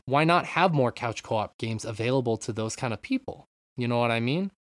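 A man's voice: mid-range voice, animated, a little fast, dry recording. A man hosting a casual gaming podcast, rambling, swearing freely and reading out listener comments. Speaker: podcast host.

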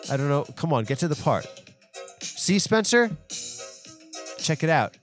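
A man hosting a comedy podcast, rambling through absurd asides in a deadpan manner. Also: fairly high pitch, fast, music in the background. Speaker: podcast host.

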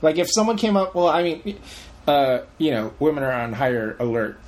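A man's voice: on the high side, normal speed, darkish tone. A man in casual chat about a film, rambling with many fillers and loose swearing.

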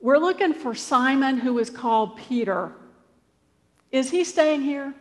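A woman's voice: sits high, animated, measured pace, a little mellow, pitched above the performer's own voice. A woman voicing three male strangers asking politely for someone, in a casual, questioning way. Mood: inquiring. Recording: long hall reverb.

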